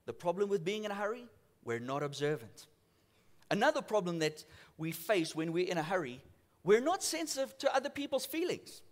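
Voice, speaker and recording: A man preaching a sermon as a church pastor, telling stories and swinging from loud to hushed. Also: high-pitched, big pitch swings, brisk. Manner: storytelling, acts out voices in quotes, swings from loud to hushed.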